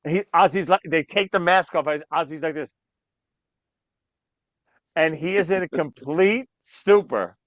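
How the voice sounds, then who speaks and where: A male podcast host in loose, casual chat, spinning stories with gusto. His voice sits a bit high and sounds dry and close. He talks with lively energy. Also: a little slow, long pauses, no echo. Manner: animated storyteller, acts out quoted voices.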